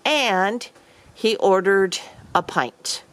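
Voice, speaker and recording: A woman's voice: medium pitch, drawn-out words, fairly bright tone, dry recording. A woman vlogger casually telling a story to camera, rambling with many fillers and restarts.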